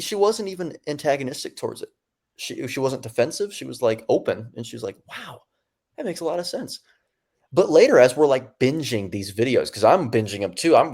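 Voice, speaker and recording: A young man in his twenties tells his story as a podcast guest. His voice sits at a middle pitch. He talks casually with fillers and restarts, acting out what others said. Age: 20s. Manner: animated, acts out quoted dialogue. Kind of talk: storytelling in an interview.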